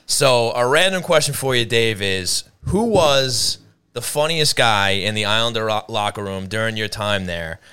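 A man's voice: lowish voice, moderate pace, bright, forceful tone, smooth. A man hosting a casual interview podcast, asking hesitant questions full of fillers. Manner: hesitant, filler-heavy questions, laughs easily. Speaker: podcast host.

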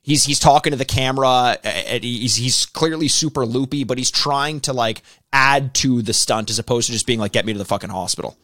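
A man co-hosting a podcast in casual chat, swearing freely and stumbling over repeated words when he gets excited. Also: mid-range voice, moderate pace, hardly any pauses, no echo, clean studio sound. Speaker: podcast co-host.

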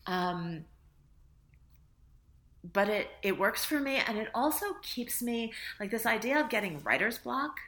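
A woman's voice: fairly high pitch, expressive, measured pace, pauses often, fairly bright tone. A woman author talking reflectively in a casual interview, laughing often and acting out little dialogues. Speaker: author guest.

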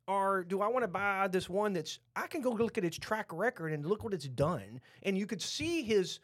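A man's voice: high voice, lively intonation, normal speed, dry recording. A middle-aged man with a Texan accent, talking bluntly in a rambling, opinionated podcast chat full of restarts.

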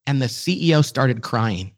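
A middle-aged man as a podcast guest, telling a story with quick, enthusiastic energy. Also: medium pitch, animated. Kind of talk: casual conversation.

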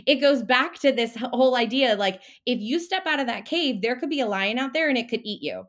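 A woman talking as a mindset coach in a casual podcast interview, animated and a little profane. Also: fairly high pitch, fairly quick, few pauses.

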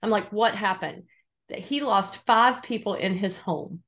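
A middle-aged woman, a guest on a faith podcast, telling stories in an animated, earnest way and laughing easily. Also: medium pitch, moderate pace. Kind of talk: conversational storytelling.

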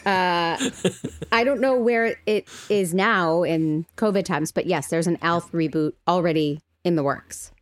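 A woman's voice: lowish voice, measured pace, no room sound. A woman from outside Boston co-hosting a podcast chat over a video call, playful and teasing. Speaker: podcast co-host. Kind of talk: casual chat.

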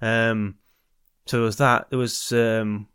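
A man's voice: fairly low pitch, level tone, slow pace, a bit bright, smooth, dry recording, clean studio sound. A man hosting a podcast, telling a story in a rambling, hesitant way with lots of ums and restarts, now and then swearing. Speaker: podcast host. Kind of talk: casual storytelling chat.

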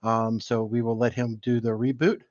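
A man's voice: mid-range voice, little pitch movement, moderate pace, darkish tone, no room sound, lo-fi sound. A man stepping in as a guest co-host on a livestream, speaking in a friendly, casual way.

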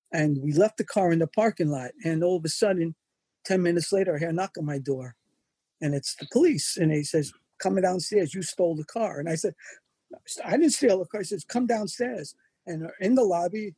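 Older male interview guest, high husky voice, animated storyteller, dry close recording. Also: no echo. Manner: animated anecdotes, acts out quoted voices. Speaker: wrestling photographer and magazine editor.

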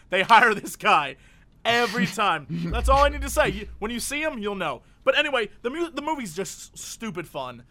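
A man's voice: sits high, sharp tone. A man co-hosting a casual comedic show, rambling and joking, often laughing. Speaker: co-host. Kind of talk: casual comedic podcast chat.

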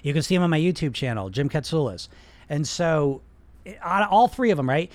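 A man with a high-pitched voice, recorded close and dry with no room sound. He coaches bluntly and emphatically, swears freely, and hammers his points with repeated words. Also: lively intonation, fairly quick, no echo. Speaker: weight-loss coach and podcast host. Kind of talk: unscripted coaching monologue to a live chat.

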